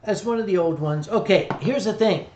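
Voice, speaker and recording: A man's voice: sits high, moderate pace, darkish tone. A man from Pennsylvania hosting a stream, telling a rambling, profane story in casual chat. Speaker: streamer host. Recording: echoey room with faint noise.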